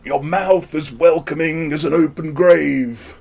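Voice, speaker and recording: A husky-voiced man voicing a pompous, florid older would-be poet in a storybook reading. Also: fairly high pitch, a little slow, a little mellow, full character voice.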